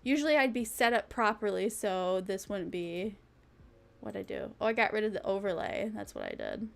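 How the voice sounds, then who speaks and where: A woman's voice: mid-range voice, wildly swooping pitch, normal speed, vocal fry. A young woman streaming, chatting casually and playfully, rambling and breaking into silly sing-song. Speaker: vtuber streamer. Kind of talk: casual live-stream chat.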